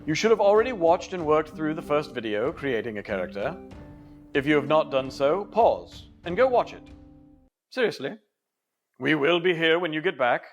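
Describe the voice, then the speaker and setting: A man's voice: fairly high pitch, big pitch swings, normal speed, soft background music. A man in a put-on English accent narrating a training video in a playful, theatrical and emphatic way.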